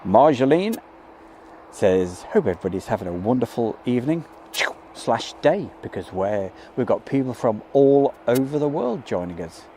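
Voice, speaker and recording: A man's voice: mid-range voice, sing-song, normal speed, slight background noise. A man, chatting casually as he hosts a live stream outdoors and greets viewers by name. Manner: chatty, reads out viewer names and greets them warmly. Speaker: livestream host. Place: outdoors by an airport.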